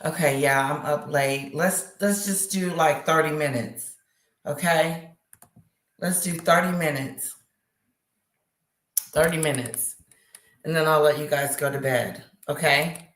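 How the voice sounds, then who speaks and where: Late at night in her bedroom, a woman hosts a casual live chat, gossiping and exclaiming with frequent laughter. Her low-pitched voice is slow with long pauses and sounds reverberant, picked up close by the device screen.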